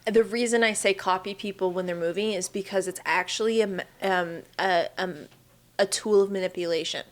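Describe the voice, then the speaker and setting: A woman co-hosting a casual podcast conversation at a middle pitch. She argues her point emphatically and laughs her way through the back-and-forth. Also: a little fast. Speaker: podcast co-host. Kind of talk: casual chat.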